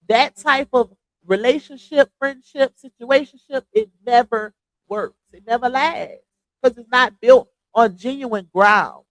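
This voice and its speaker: A congested woman hosts a casual live stream, her voice pitched a little high. She chats straight to her viewers through earphones, stuffy and loose. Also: unhurried, a bit bright, no room sound, poor audio. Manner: chatty, addresses viewers as y'all. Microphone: earphones with mic.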